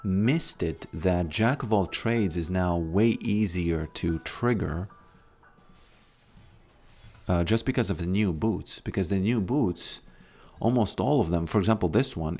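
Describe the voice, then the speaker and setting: A man's voice: low voice, a little mellow. A man casually commentating his own game on a live stream, thinking aloud and often restarting his sentences.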